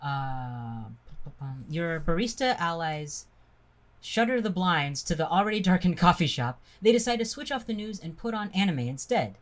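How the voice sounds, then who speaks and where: A woman's voice: on the low side, very animated, normal speed. A woman reading a text game aloud with friends, breaking into laughter and stumbling over words. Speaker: game player.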